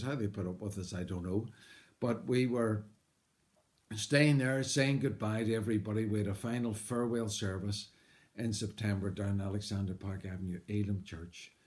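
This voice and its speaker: A man's voice: lowish voice, steady tone, moderate pace, a little mellow. A man with a Northern Irish accent, a missionary telling his life story as an earnest personal testimony, full of "uh" fillers and bursts of animation. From Northern Ireland.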